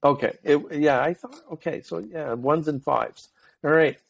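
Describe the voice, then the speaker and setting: Middle-aged male podcast host, chatty and animated, relaxed conversational delivery. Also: on the high side, moderate pace, vocal fry. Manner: talkative, animated storyteller. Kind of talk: casual chat.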